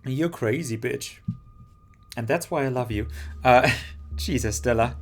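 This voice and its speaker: A man streaming a narrative game, reading its narration aloud and reacting with animated, joking comments. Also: mid-range voice, a little slow, soft background music.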